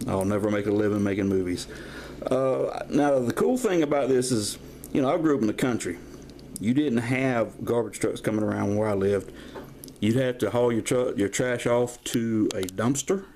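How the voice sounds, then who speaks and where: At home showing off toys on camera, this Georgia man in his 50s speaks at normal speed with a mellow, medium-pitched voice and lively intonation. His show-and-tell collector vlog is folksy and rambling, wandering into stories, and the camera-mic audio carries a little hiss or hum.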